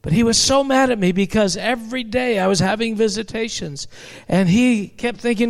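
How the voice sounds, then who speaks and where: High-voiced impassioned male preacher. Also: normal speed, creaky. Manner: impassioned, building to shouts. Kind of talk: sermon.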